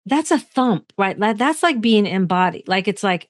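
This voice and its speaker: A woman's voice: medium pitch, expressive, moderate pace, no room sound. A woman hosting a podcast, reflecting back on what she hears in an affirming, thoughtful way. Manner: affirming, reflective, lots of listening sounds. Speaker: podcast host. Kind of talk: casual conversational interview.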